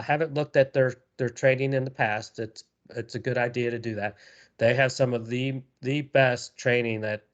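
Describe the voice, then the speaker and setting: A man gives a live software tutorial in a casual way, packing his speech with fillers and repeated words. His pitch is medium and the recording sounds lo-fi.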